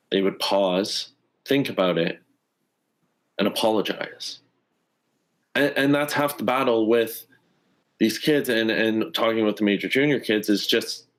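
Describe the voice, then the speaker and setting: A man from Canada with a slightly low voice speaks in a relaxed interview. He tells a personal story with earnest energy and briefly voices the people in it. He sounds like a former athlete in his thirties. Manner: earnest, animated, acts out quoted dialogue. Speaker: former pro hockey player, guest. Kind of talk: conversational storytelling.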